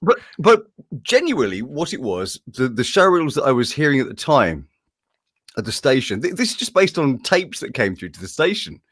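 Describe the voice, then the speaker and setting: A man's voice: mid-range voice, normal speed, dry recording, studio quality. A man, a voice-over artist, telling anecdotes in a casual interview and often laughing. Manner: animated, jumps into impressions, laughs often.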